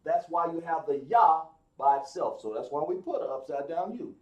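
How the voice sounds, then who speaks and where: A man teaching a live class, explaining slowly, with many fillers and restarts. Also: on the high side, animated, darkish tone, reverberant. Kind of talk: live online class lesson.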